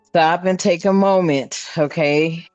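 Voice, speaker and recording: Casual spiritual reader, woman, lowish voice, quick to laugh, close dry sound. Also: fairly even intonation, a little mellow, no echo, dull audio, faint music behind. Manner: laughs a lot, talks to viewers as family. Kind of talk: casual spiritual card reading.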